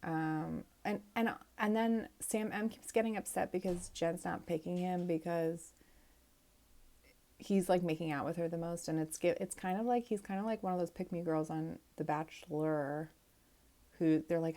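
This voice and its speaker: A woman in her thirties talks through a reality show recap on her own, rambling and opinionated, circling back on herself. Her voice sits a little low with a gravelly fry and a mellow, dark tone. It is loose, unscripted chat. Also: normal speed. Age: 30s. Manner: rambling and opinionated, full of "like" and restarts. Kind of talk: casual solo recap chat.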